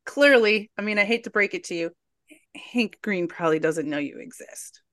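A woman's voice: mid-range voice, expressive, moderate pace, fairly bright tone, dry recording, clean studio sound. Woman podcast host, wry little comments, casual chat.

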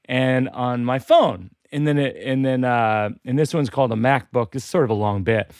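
A man's voice: mid-range voice, moderate pace, darkish tone, no room sound, studio quality. Rambling man hosting a comedy podcast. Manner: rambling storyteller, lots of fillers. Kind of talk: casual chat.

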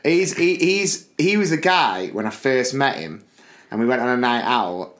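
A man's voice: medium pitch, animated, moderate pace, fairly bright tone. A man from England co-hosting a podcast in casual chat, telling stories with plenty of laughter and putting on voices when he quotes people. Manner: chatty storyteller, laughs often, puts on voices for quotes. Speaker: podcast co-host.

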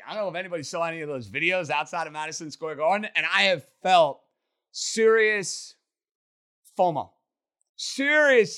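An energetic man hosts a casual sports talk show. His voice is bright and forceful and sits a little high. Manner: energetic, animated. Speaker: podcast host.

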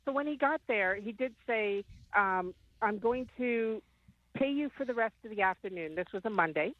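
A woman in her fifties calls in with a fairly high voice, lively intonation, and a moderate pace, with no echo. She gives a rambling, um-filled retelling on a tinny phone line.

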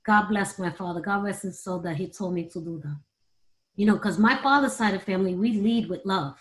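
A woman's voice: mid-range voice, fairly quick. A middle-aged woman guest in an interview, telling personal stories in an earnest, emotional way and laughing easily. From United States. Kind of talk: candid interview storytelling.

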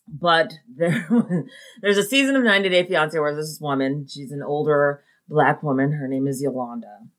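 A woman co-host chats casually on a podcast, giving blunt, wry reactions with some swearing. Her voice sits on the lower side. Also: moderate pace. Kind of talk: casual conversational chat.

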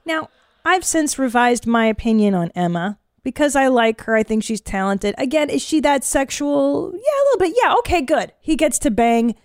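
A woman's voice: a little high, animated, normal speed, dry recording. A woman stand-up comedian hosting a podcast in a studio booth, chatting casually in a frank, profane, rambling way.

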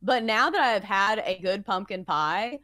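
A woman's voice: mid-range voice, expressive, measured pace, bright, forceful tone, no room sound, clean studio sound. Chatty female sports show host. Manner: chatty, playful, leads the segment. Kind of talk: casual sports radio chat.

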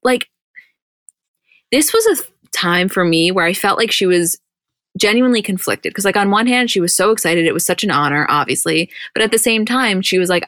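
A woman's voice: medium pitch, animated, fairly quick, a bit bright, dry recording, clean studio sound. A woman co-hosting a casual recap podcast, chatty and rambling, acting out quotes and laughing often. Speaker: podcast co-host.

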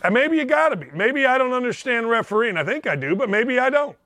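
A man's voice: very high-pitched, big pitch swings, fast, sharp tone, no room sound. An older man hosting a sports talk show, ranting emphatically in an opinionated monologue.

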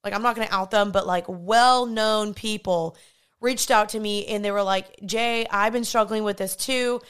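A young woman hosts a personal, faith-based podcast, telling a story from her life in a candid, chatty way and animatedly acting out what people said. Her medium-pitched voice is clear and resonant, at a moderate pace.

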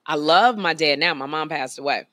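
A woman in her forties chats as a TV talk show co-host and tells stories with lively drama. Her voice is bright and forceful, recorded close and dry in the studio. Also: sits low, normal speed, dry recording. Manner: animated, dramatic storytelling. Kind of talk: casual chat.

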